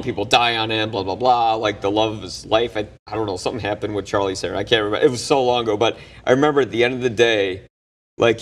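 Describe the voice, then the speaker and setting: Man, low voice, loose profane storytelling, casual chat. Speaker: podcast panelist.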